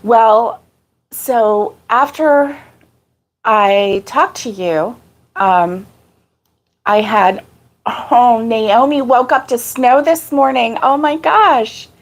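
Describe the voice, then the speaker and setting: Slow, chatty woman hosting a live crochet stream. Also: a little high. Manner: chatty, greets viewers warmly by name. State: out of breath. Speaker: crochet channel host. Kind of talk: casual live-stream chat.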